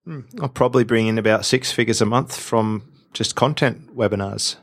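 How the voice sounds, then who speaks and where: A man co-hosting a business podcast, talking in relaxed casual chat with teasing banter. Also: on the low side, normal speed. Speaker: podcast co-host.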